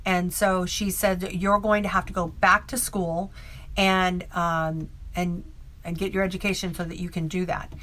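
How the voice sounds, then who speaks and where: Bright-voiced woman, rambling storyteller. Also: fairly low pitch, level tone, normal speed. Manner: rambling, filler-heavy, with many restarts. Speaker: psychic medium. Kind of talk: casual storytelling.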